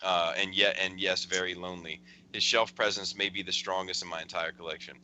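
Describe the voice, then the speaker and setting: Bright-voiced man reading texts aloud. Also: low-pitched, little pitch movement, a little fast, slight background noise, rough recording. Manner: chuckling, rambling storyteller with restarts. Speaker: podcast host. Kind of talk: casual chat, reading out text messages.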